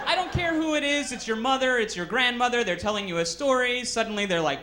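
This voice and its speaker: A man's voice: extremely high pitch, fast, background noise. A man doing a stand-up comedy set on stage, telling stories with many fillers. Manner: storytelling with frequent fillers.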